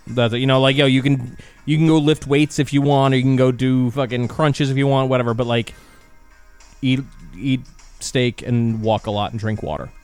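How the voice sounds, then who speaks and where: A man's voice: medium pitch, fairly even intonation, moderate pace, darkish tone, clear, resonant tone, faint music behind. A young man co-hosting a casual podcast, talking in a blunt, profane, laid-back way. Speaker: podcast co-host. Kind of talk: casual chat.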